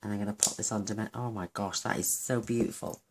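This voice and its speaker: A woman's voice: rumbling low, steady tone, quick pace, background noise. A woman hosting a card-making tutorial, chatting casually and gushing over her work as she thinks aloud. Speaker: craft channel host.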